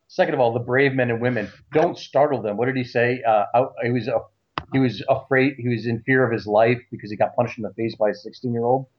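A man telling a story in casual talk, animated and repeating words as he goes. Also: mid-range voice. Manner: animated, acts out shouting cops; repeats words and restarts often. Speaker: guest recounting a story. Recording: slightly dull lo-fi audio.

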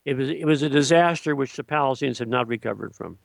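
A man's voice: mid-range voice, quick pace, vocal fry, no echo. A man giving blunt, scornful political commentary as an interview guest, often restarting his sentences.

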